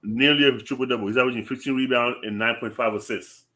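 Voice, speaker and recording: A man's voice: mid-range voice, fairly even intonation, quick pace, bright, forceful tone. A man co-hosting a casual sports talk show, laid-back, thinking aloud with ums and frequent mm-hmms. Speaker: podcast co-host.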